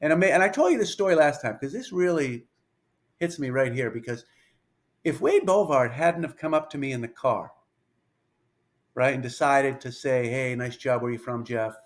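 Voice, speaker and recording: Lively storytelling man in his fifties. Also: mid-range voice, normal speed. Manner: lively anecdotal, acts out dialogue. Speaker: pitching coach, interview guest. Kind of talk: storytelling interview.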